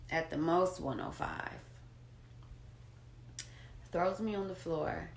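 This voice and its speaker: A woman with a lowish voice recounts her own experience slowly and candidly. Her telling is raw, dropping to a hush and then rising sharply. She sounds like she is in an echoey room. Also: vocal fry, a little hiss or hum. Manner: candid and raw, swings between hushed and loud. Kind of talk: personal storytelling monologue.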